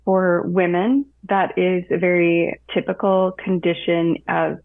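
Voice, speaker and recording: A woman somatic coach gently guiding someone through an emotional exercise, speaking calmly over a call. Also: on the low side, no room sound. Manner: slow, soothing guiding. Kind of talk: guided coaching session. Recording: tinny phone-line audio.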